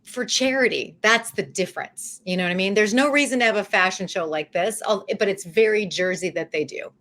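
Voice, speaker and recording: A woman guest on a podcast, chatting in an animated, gossipy way and laughing through her points. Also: medium pitch, brisk. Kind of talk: casual chat.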